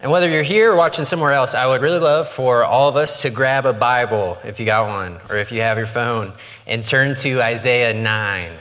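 A male pastor delivers a sermon in a bright, forceful, medium-pitched voice, keeping it casual and full of jokes. He frequently puts on quoted voices for effect, and the long reverb of a large church hall surrounds his words.

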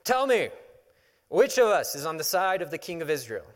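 Casting: furious ancient king, put on by a male preacher, loud raised demands, reverberant hall. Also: on the high side, sing-song, moderate pace, voice pushed up. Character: enraged ancient male king hunting a spy.

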